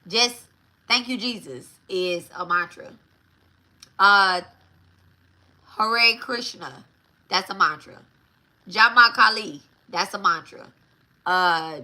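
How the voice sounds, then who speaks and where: A woman with a bright, forceful voice hosts a spiritual talk show and teaches at a slow, unhurried pace. She talks casually and repeats herself, often turning to her listeners with a quick "right?" or "okay?". Her pitch sits in an ordinary middle range. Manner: chatty, repeats herself, keeps asking "right?". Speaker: spiritual podcast host.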